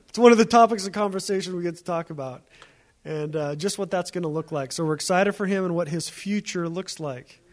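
High-voiced man preaching a conversational sermon. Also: normal speed. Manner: conversational, storytelling with repeated phrases. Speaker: pastor.

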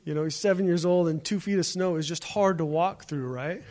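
A man's voice: on the high side, brisk, darkish tone. A man preaching a sermon as a pastor, in a conversational storytelling way with repeated phrases.

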